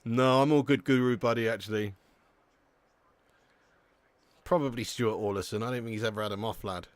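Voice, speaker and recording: A man's voice: mid-range voice, fast, no room sound. An English man hosting a live football watch-along, calling the match, reading out chat messages and calling people lad and mate. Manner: lively, chatty, says lad and mate a lot.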